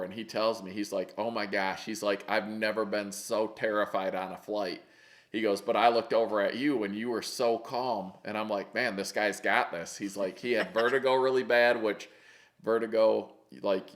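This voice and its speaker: A man casually telling stories about flying, animated and folksy, acting out the people he quotes. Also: on the low side. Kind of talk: casual storytelling chat.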